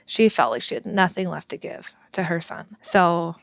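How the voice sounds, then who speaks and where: An earnest, passionate woman in her thirties talks parenting on a podcast. Her voice has a gravelly, fry-tinged texture. The sound is dry and close, with no room echo. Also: fairly low pitch, lively intonation, normal speed. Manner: earnest and passionate, laughs often. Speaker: parenting educator and former child therapist. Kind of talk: conversational podcast chat.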